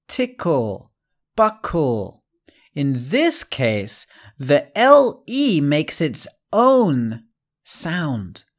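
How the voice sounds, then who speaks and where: A man teaching an English lesson who explains patiently, spells out letters, repeats example words and keeps checking in with "right?". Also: mid-range voice. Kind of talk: recorded online lesson.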